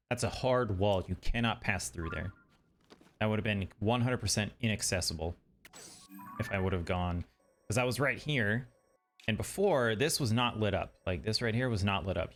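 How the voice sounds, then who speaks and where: A man's voice: on the low side, a bit bright, slight background noise. A man streaming a video game, chatting casually and thinking aloud as he plays. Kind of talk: casual gameplay commentary.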